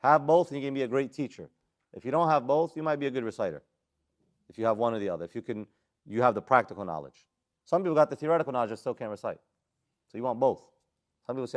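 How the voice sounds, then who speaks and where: A man's voice: mid-range voice, fast, long pauses. Man drilling a tajweed class. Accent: American English. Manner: drills students with call-and-response questions; recites Arabic letters and verses. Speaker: Quran tajweed teacher. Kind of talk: live classroom lesson.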